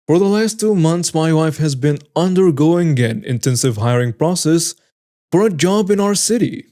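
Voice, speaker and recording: A man narrates stories from the internet in a mellow, rounded voice that is pitched a little high for a man. He reads them plainly and then adds wry, amused comments of his own. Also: expressive, moderate pace. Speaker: story narrator. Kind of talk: reading online stories aloud with commentary.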